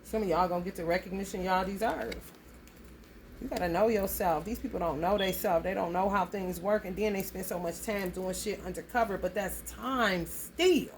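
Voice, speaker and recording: A woman's voice: mid-range voice, normal speed, slight background noise. A woman, giving a casual astrology reading in a blunt, profane, storytelling way. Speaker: astrology reader. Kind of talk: casual tarot reading monologue.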